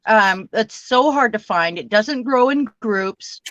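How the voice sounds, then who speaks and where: A woman from Washington state hosts a card-making livestream, casually chatting and rambling as she crafts and laughing now and then. Her voice is a little high, animated and a bit bright, at a slow pace. There's no echo, but the audio is dull.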